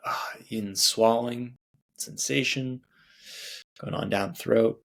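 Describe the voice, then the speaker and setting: A man's voice: medium pitch, fairly even intonation, slow pace, gravelly, pauses often, a bit bright. A man hosting his own show, leading a casual, chatty guided body scan meditation with sighs and small laughs. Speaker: podcast host.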